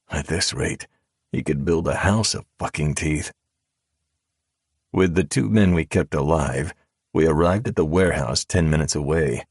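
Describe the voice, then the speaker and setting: A man narrating a first-person audiobook in a calm, cold drawl. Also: rumbling low, no echo, clean studio sound.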